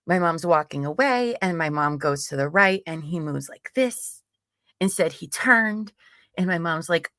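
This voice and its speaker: A woman with a low, gravelly voice hosts a live true crime stream from home. She reads transcript lines aloud in a casual, profane way and adds laughing asides. The sound is dry and close to the mic. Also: animated, moderate pace, pauses often, a bit bright, no room sound. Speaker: true crime livestream host.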